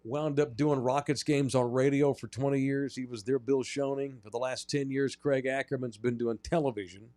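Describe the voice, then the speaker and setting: A man's voice: medium pitch, fairly even intonation, normal speed, hardly any pauses, a little mellow, dry recording. A man from North Texas, hosting a casual sports podcast and ranting emphatically as he tells stories. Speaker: podcast host.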